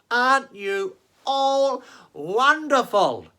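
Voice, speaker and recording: A woman's voice: mid-range voice, very animated, slow pace, bright, forceful tone. A woman hosting a children's rhyme time, reading a storybook aloud with theatrical, gushing praise for the little ones.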